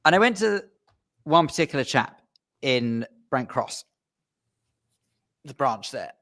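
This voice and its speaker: A man in casual radio studio chat, telling an animated story and voicing the people in it. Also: mid-range voice, slow pace. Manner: animated storyteller, voices quoted lines.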